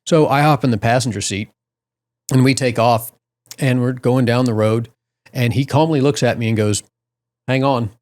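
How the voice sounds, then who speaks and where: A middle-aged man spins an anecdote in easygoing podcast chat. His voice sits at an ordinary pitch and stays relaxed. He jumps up into loud, high yelps when he acts out his own panic. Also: moderate pace. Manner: animated storyteller, loud high yelps when quoting himself. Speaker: podcast co-host. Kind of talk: casual storytelling chat.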